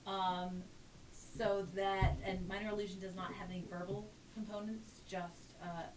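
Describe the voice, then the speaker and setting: A woman's voice: mid-range voice, flat delivery, unhurried. A woman playing a tabletop game, thinking aloud hesitantly about her spells. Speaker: player. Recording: echoey room, distant mic, noisy.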